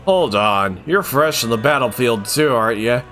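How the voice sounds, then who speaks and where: A man's voice: medium pitch, animated, normal speed, fairly bright tone, soft background music, close to an everyday voice. A man voicing a tipsy, war-weary soldier from a video game in a slurred drunk voice. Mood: wistful.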